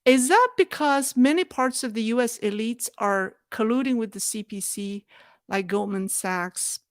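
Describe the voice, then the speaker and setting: A woman hosts a live chat, answering viewer questions at a slow, unhurried pace. Her voice sits a little high, and she talks in a thoughtful, halting way. The sound is dry and close, with no room around it. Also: dry recording. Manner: thoughtful, halting, with restarts and soft laughs. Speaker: host of a live Q&A show.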